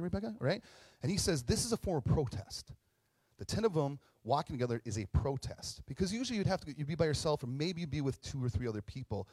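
A man preaching a sermon, retelling a story casually and acting out quoted voices in comic high tones. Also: a little mellow, no room sound. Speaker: pastor.

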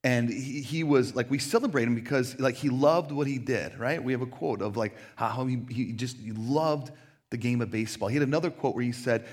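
A man in his thirties preaching a sermon in an animated, joking, self-deprecating way. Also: medium pitch, a little fast. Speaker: pastor.

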